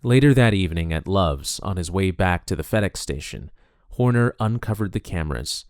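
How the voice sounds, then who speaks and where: A man delivering scripted true-crime documentary narration in a measured, somber way. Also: sits low, animated, a little mellow, no room sound.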